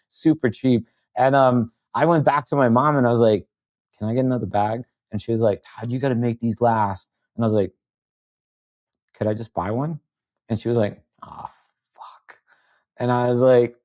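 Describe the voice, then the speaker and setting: A man in his fifties, a podcast guest, telling rambling, animated stories in casual chat and quoting people as he goes. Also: mid-range voice, no room sound, studio quality. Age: 50s. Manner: rambling, animated anecdotes with quoted voices.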